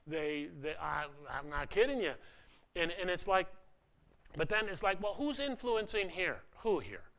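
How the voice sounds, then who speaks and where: A man's voice: high-pitched, very animated, measured pace, a bit bright. A man preaching a sermon to a congregation in a loose, conversational way, often restarting his sentences and joking at his own expense. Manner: conversational, self-deprecating preaching with many repeated starts. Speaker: pastor.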